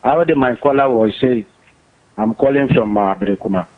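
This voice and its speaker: A man's voice: medium pitch, normal speed. A male caller speaking insistently in broken English, repeating his points. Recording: tinny phone line.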